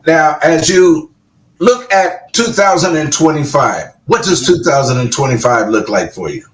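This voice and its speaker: A man hosts a radio interview, asking lead-in questions and chuckling along. His voice is fairly high and lively. He sounds set back from the mic in a roomy space. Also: moderate pace, distant mic. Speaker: radio show host.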